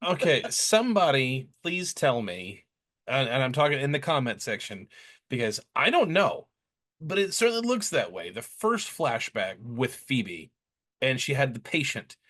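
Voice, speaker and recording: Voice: mid-range voice, very animated, unhurried, fairly bright tone. A podcast co-host chatting casually, asking listeners to weigh in, sometimes stumbling over words. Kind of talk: casual chat.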